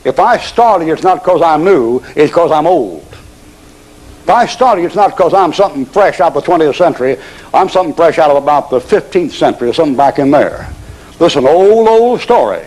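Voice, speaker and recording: A man's voice: a little high, lively intonation, fairly quick, a little mellow, poor audio. A man preaching a sermon as a folksy, humorous storyteller.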